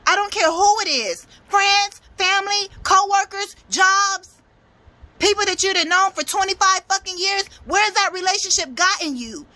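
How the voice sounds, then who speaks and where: A woman's voice: very high voice, unhurried, sharp tone, no room sound. A young adult woman giving a blunt, profane, emphatic motivational tarot reading. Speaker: motivational speaker and tarot reader.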